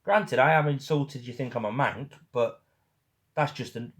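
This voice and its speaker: Speaking a little slowly at a medium pitch, a young northwest Englishman from St Helens runs a casual live stream. His accent is northwest English, and he keeps up chatty banter, teasing and laughing with the audience.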